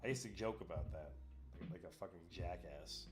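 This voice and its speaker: A man's voice: deep voice, fairly quick, music in the background. A man chatting casually as a streamer, rambling and emotional, swearing a lot, close to tears. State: tearful. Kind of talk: casual chat.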